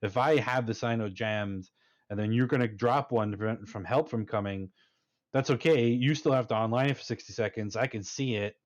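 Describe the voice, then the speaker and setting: A man's voice: on the low side, fairly quick. A man in a casual panel discussion, speaking emphatically and often checking in with "right?". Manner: emphatic, keeps adding "right?". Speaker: panel guest, fleet commander.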